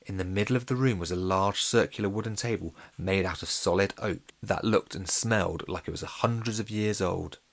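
A man reads a children's adventure audiobook. His delivery is steady and gently expressive, suited to young listeners. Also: low voice, moderate pace, hardly any pauses. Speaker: narrator.

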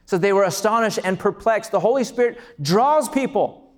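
A man preaching a sermon as pastor, passionate and building to shouts on key lines. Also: high voice, expressive, moderate pace. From California.

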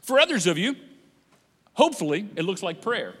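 Animated high-voiced pastor in a hall. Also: male voice, moderate pace, breathy edge. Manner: animated, jokey, acts out quoted people. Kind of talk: sermon. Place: church auditorium. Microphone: handheld microphone on stage. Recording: echoey church hall.

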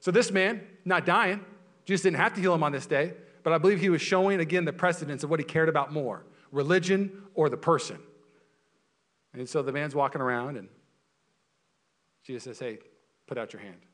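A young adult man preaching a sermon as pastor, energetic and conversational, often repeating words as he gets going. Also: a little high, brisk.

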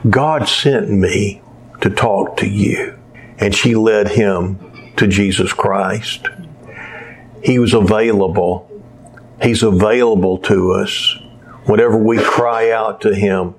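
A man with a fairly low, slightly mellow voice preaches a sermon built around stories. He rambles as he tells them, sometimes losing his place and starting over.

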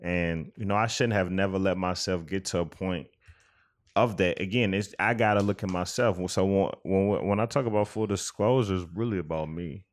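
Deep-voiced man musing earnestly. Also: normal speed. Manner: earnest, rambling with restarts. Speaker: podcast co-host. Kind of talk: casual reflective chat.

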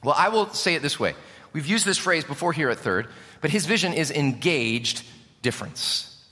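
A man from Chicago preaching a sermon as pastor, emphatic, lifting key lines and dropping low at the ends. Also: animated, normal speed, sharp tone, long reverb tail.

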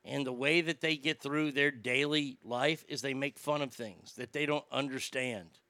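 A man's voice: medium pitch, steady tone, moderate pace, pushed and bright, no room sound. A male comedian doing stand-up, with a profane, rambling ranting delivery.

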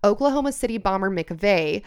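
A woman with a smooth, clear voice at a middle pitch hosts a true-crime podcast. She reads researched passages aloud and breaks off for casual asides. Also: animated, moderate pace. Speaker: podcast host. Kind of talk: casual true-crime chat, reading notes.

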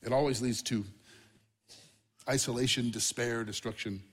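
A male pastor with a mid-range voice preaches a sermon at a moderate pace in a reverberant church. He's animated and conversational, tossing in asides to the congregation.

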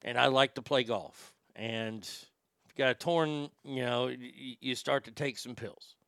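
A man voices a rambling, foul-mouthed middle-aged shock-jock chewing tobacco in a comedic radio monologue. His medium pitch carries vocal fry and a bit of brightness, delivered at a measured pace in clean studio sound with no room sound.

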